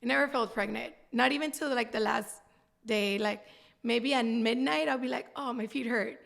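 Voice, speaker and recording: Woman in her thirties with heavy vocal fry. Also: fairly high pitch, moderate pace, fairly bright tone. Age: 30s. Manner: heartfelt, rambling, with frequent laughs. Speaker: guest. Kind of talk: candid personal interview talk.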